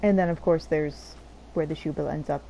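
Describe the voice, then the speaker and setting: A woman's voice: sits low, steady tone, moderate pace, mellow, a little hiss or hum, rough recording. A woman giving casual gameplay commentary, chatty and playful, swearing freely. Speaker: game streamer.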